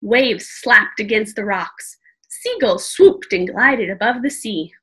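Woman, teacher reading a story aloud, gentle, animated intonation, unhurried. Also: medium pitch, a little hiss or hum, low-quality recording. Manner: gentle, asks listeners questions. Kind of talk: storybook read-aloud for children.

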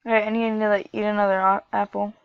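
A woman commentating her own gameplay who gets easily exasperated, swearing and yelling at the other players. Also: mid-range voice, level tone, fast, gravelly, clean tone, no room sound, lo-fi sound. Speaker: gamer playing parkour maps.

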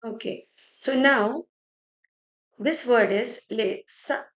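A woman with an Indian accent teaches a lesson in a fairly high voice, walking through each point patiently and checking in with her students. The recording is roomy and echoey, with a dull, lo-fi sound. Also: slow. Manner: explanatory, checks in with "right?" and "okay". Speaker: French teacher. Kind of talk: explaining a French lesson in mixed Hindi and English.

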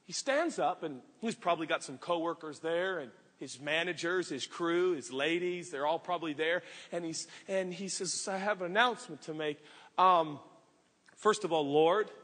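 A male pastor preaching a sermon, telling a story with lively acted-out voices and frequent laughter. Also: fairly high pitch, normal speed, in a large hall. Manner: animated storytelling, acts out voices, laughs often. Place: large church hall.

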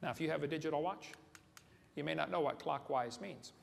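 In a big, echoey hall with faint room noise, a male seminar speaker gives a humorous lecture, folksy and full of jokes, often turning questions on the audience. His voice is a little high and creaky, and his delivery is brisk.

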